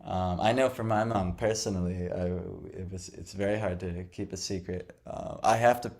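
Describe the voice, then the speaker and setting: A man's voice: low voice, fairly even intonation, normal speed, a little mellow. A young man telling a devotional story and teaching in a conversational way, full of fillers and restarts. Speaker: scripture class speaker.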